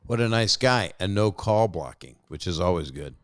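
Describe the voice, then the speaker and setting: A man's voice: low voice, expressive, moderate pace, dry recording, studio quality. A man in his sixties hosting a call-in show, telling rambling stories in a casual chat with callers. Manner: rambling, self-interrupting storyteller. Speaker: host.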